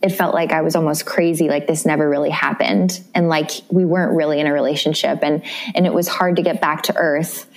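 A woman's voice: sits low, steady tone, fairly quick. A young woman from the Midwest, a guest in a casual interview, speaking candidly and emotionally with many restarts. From American Midwest.

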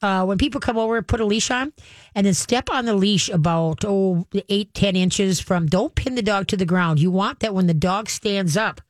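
Radio host, woman, folksy and talkative, medium pitch, dry close sound. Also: normal speed, no room sound. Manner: folksy, chatty, acts out voices. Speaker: radio show host, dog trainer. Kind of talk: casual call-in radio advice.

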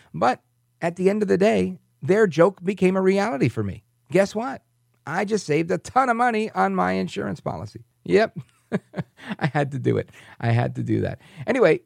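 A man's voice: mid-range voice, gravelly, a little mellow, no echo, clean studio sound. A middle-aged man, hosting a talk radio show and ranting as he tells a story, now and then mimicking other people's voices.

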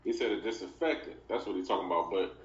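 Low-voiced man, halting and slangy. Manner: halting, slangy, profane, casual. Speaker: podcast co-host. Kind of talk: casual political banter. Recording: distant, roomy, dull lo-fi sound.

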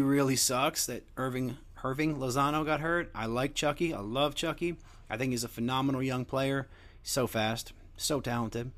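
A young man hosting a show, rambling through a crude, joking casual monologue. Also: medium pitch. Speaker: podcast host.

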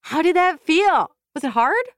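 Lively encouraging woman music teacher. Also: extremely high pitch, unhurried, no echo, clean studio sound. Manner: encouraging, talks to viewers at home. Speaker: music lesson host. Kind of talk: upbeat kids' music lesson.

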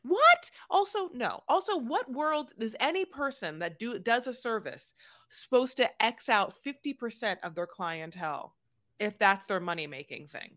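Woman, podcast co-host, opinionated casual chat, higher and very lively voice. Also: no echo, clean studio sound. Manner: emphatic, opinionated, quick rambling asides.

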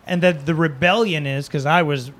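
A man from Wisconsin, a podcast guest, telling rambling, animated stories in casual chat and laughing easily. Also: fairly high pitch, moderate pace. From Wisconsin, USA.

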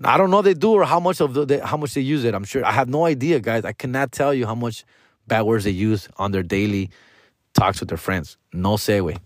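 A man's voice: mid-range voice, a little fast, dry recording, studio quality. A man in his forties hosting a podcast, talking in a casual monologue that is full of profanity and slang and sprinkled with Spanish phrases. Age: 40s. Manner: profane, slangy, frequently addresses listeners as dog and fool. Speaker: podcast host.

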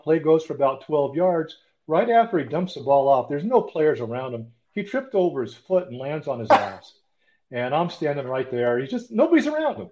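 A man's voice: medium pitch, darkish tone. A man swaps old referee stories in an easygoing chat, slipping into the voices of the people he quotes. The sound is a little dull and lo-fi. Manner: anecdotal, acts out quoted voices. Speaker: former football referee, guest. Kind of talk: casual storytelling conversation.

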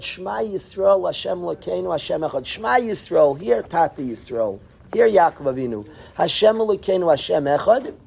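Husky-voiced man teaching a Torah class. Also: fairly high pitch, a little mellow. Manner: earnest, calls on students by name, drops into whispers. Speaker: yeshiva teacher.

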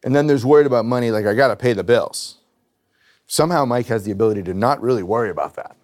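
A man's voice: mid-range voice, fast, a little mellow. A man in his thirties, a business cofounder, talking candidly and reflectively, often hesitating as he retells conversations. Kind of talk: candid conversation in a therapy session.

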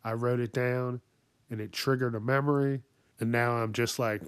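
A man's voice: medium pitch, fairly even intonation, moderate pace, smooth, no echo. A man hosting a podcast, going off in a profane comedic rant, swearing constantly and laughing at his own jokes. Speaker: podcast host.

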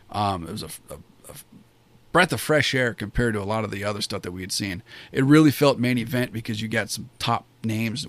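A man's voice: lowish voice, no room sound. A man giving a casual spoken review of a wrestling show, rambling and enthusiastic, with many fillers and restarts.

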